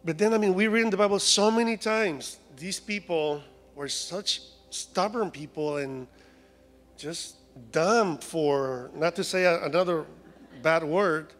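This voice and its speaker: A man's voice: on the high side, a little slow, long reverb tail, soft background music. A man from Mexico with a Mexican Spanish accent, preaching a humorous sermon in a church. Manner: humorous, acts out voices of complaining people. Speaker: guest preacher. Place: church sanctuary.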